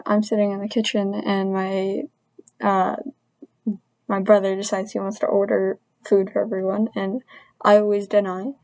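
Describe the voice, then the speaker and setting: A woman's voice: medium pitch, dry recording, low-quality recording. Frustrated woman venting in a dry, close sound. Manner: frustrated, venting, halting restarts; earnest. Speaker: vlogger. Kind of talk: personal rant to camera.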